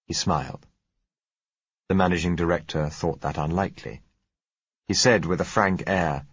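A very deep male narrator reads fiction aloud in a steady, measured manner. His voice is husky and dry, with no room sound. The recording is a little dull and muffled. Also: no echo. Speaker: audiobook narrator. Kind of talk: scripted narration.

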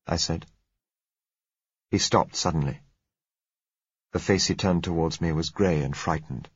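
A man narrating a novel in the first person, measured and understated. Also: a bass voice, fairly even intonation, breathy edge, dry recording. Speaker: audiobook narrator. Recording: dull, dry lo-fi recording.

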